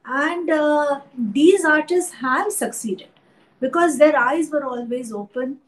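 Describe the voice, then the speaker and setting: Thoughtful Indian English woman, measured. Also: sits high, rough recording. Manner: thoughtful, measured, with many pauses and fillers. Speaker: art historian and teacher. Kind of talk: interview conversation.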